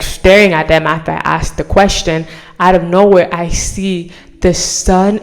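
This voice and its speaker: A young woman with a slightly low voice tells a personal testimony in a loose, rambling way. She speaks earnestly and is emotional at times. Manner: earnest, rambling, fillers like "like" and "right?". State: emotional, near tears at times. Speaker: vlogger. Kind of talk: casual personal testimony to camera.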